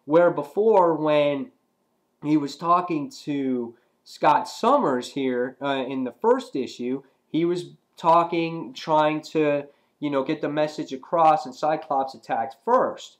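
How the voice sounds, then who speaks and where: A man casually reviewing a comic book, rambling and filling pauses with "um" and "you know". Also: fairly high pitch.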